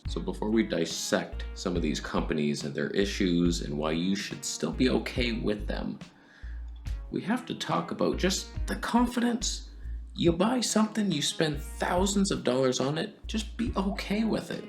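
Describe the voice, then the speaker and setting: A man's voice: on the low side, vocal fry. A man giving a sarcastic, comedic camera review, swinging between whispers and outbursts.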